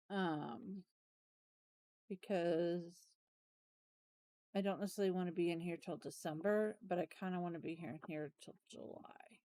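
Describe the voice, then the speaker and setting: A woman's voice: medium pitch, warm tone, clear, resonant tone, no echo. A woman chatting casually through a planner walkthrough, tired and yawning, rambling and trailing off with self-corrections. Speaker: planner vlogger.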